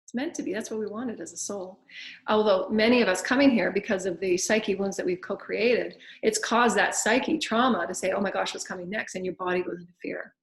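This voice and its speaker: A woman's voice: medium pitch, a little fast. Spiritual teacher, woman, flowing repetitive affirmations, echoey room. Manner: flowing, repetitive, speaks in first-person affirmations. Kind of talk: spiritual guidance talk with affirmations.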